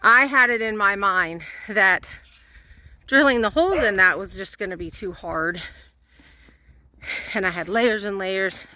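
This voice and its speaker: A woman's voice: medium pitch, unhurried, long pauses, sharp tone. A woman vlogging casually around her homestead, chatty and a bit out of breath, laughing often and talking to her cats. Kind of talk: casual walkthrough vlog. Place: rural cabin homestead, indoors and out.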